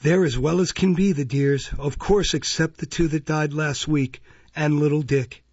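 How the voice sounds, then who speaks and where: A man voicing a fawning, sly woman who runs a baby farm, servile to her superiors and sharp with the children. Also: on the high side, steady tone, normal speed, husky, no room sound. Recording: dull, dry lo-fi recording.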